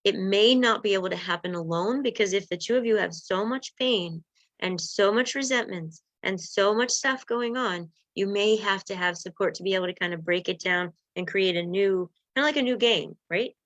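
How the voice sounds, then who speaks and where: A woman working as a relationship coach gives a live-streamed coaching talk to viewers in a lively, conversational way. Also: mid-range voice, moderate pace. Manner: lively, conversational, acts out example dialogues. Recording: dull lo-fi recording.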